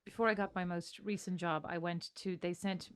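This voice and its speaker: A woman's voice: fairly low pitch, fairly even intonation, normal speed, clear, resonant tone. An Irish woman co-hosting a podcast, chatting casually and rambling with self-interruptions and easy laughter. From Ireland. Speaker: podcast co-host. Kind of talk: casual chat.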